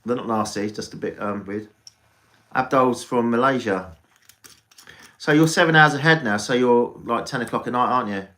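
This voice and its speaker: English guy rambling to his live viewers, bright sharp voice, casual and sweary. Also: mid-range voice, normal speed. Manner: rambling, chatty, swears freely. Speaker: tarot reader and livestreamer.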